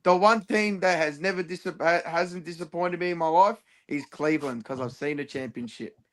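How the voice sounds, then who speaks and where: A man's voice: fairly high pitch, normal speed. A man co-hosting a casual podcast, joking and complaining. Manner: jokey, self-pitying complaints. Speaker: podcast co-host. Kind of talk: casual banter.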